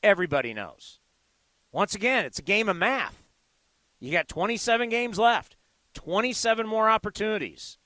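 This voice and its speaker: A man's voice: sits high, animated, normal speed, sharp tone, dry recording, poor audio. A man hosting a postgame sports call-in radio show, speaking emphatically and repeating his points. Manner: emphatic, repetitive, promotional.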